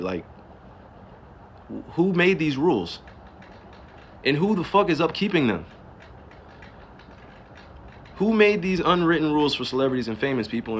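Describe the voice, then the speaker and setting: A man from the East Coast of the US talks at mid pitch and keeps hammering home his point. His casual live-stream rant is full of rhetorical questions and cursing, with a faint hiss of noise behind him. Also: fairly bright tone. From New Jersey, US East Coast. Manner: emphatic and ranting, with rhetorical questions, profanity and laughs. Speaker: livestreamer.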